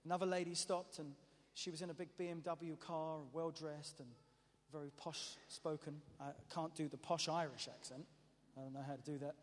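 A man shares his testimony from the front of a church hall, his voice sitting a little high and trailing off into a long reverb. He tells his story in an animated, self-mocking way, stumbling and restarting as he goes. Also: normal speed. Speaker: preacher giving testimony.

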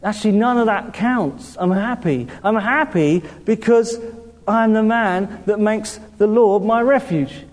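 A man with a southern English accent preaching a sermon to a congregation in a church hall. He talks in a lively way, laughs often and calls out to the room for responses. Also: high-pitched, unhurried. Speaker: pastor. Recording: long reverb of a church hall.

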